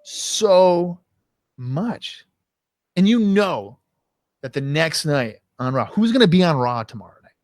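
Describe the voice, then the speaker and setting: A man's voice: fairly high pitch, very animated, moderate pace, no room sound, clean studio sound. A man co-hosting a casual podcast, ranting and swearing often as he reviews a wrestling show. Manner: ranting, swears often, acts out quoted voices. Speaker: podcast co-host.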